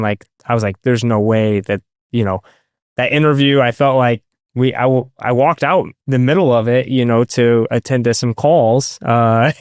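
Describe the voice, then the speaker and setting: A man in his thirties, a guest in a casual interview, talking in a halting way with many fillers and restarts. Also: medium pitch, clear, resonant tone, no echo, clean studio sound. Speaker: guest, adoptive father. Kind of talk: casual interview over video call.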